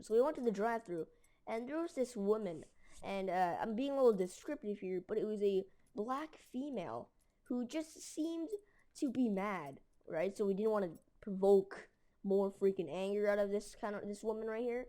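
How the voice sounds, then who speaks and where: A woman's voice: medium pitch, animated, normal speed, warm tone. A woman telling a story casually, rambling with lots of fillers and mild slang. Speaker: storytelling video creator.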